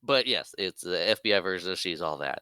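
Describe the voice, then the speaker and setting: Lively, bright-toned man joking with his co-host. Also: low voice, smooth, no echo. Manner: playful, quick to agree and laugh, adds jokey asides. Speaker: podcast co-host. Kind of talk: casual movie recap chat.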